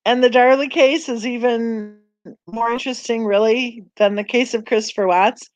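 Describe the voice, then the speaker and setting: A woman's voice: a little high, fairly even intonation, normal speed, a little mellow, dry recording, highs cut off. A woman hosting a casual live-stream chat on a true crime channel, rambling and thinking aloud as she browses, sighing and sounding tired.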